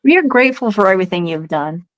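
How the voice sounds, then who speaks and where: A woman reading a diplomatic male character in a comic script read-through, calm and placating. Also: mid-range voice, fast talker, no room sound, lightly acted.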